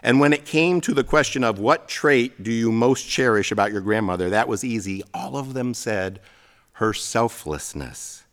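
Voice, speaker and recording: A middle-aged man delivers a sermon at a mid-range pitch. He tells personal stories with gentle, self-deprecating humor. His delivery is a preacher's, speaking to a congregation. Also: lively intonation, moderate pace. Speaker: pastor.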